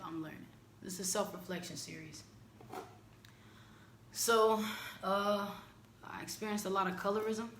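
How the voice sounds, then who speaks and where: A woman from the United States giving a candid, searching personal reflection, with halting restarts. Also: on the low side, a bit bright, reverberant, a little hiss or hum. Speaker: vlogger.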